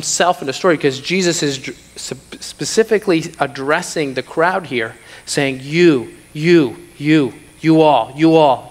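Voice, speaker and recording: Guy preaching a sermon in church, kinda high voice, lots of hall echo, pounds on repeats. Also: fairly bright tone. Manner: emphatic, repeats phrases for stress, mimics smug churchgoers. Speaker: pastor. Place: church sanctuary. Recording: long hall reverb.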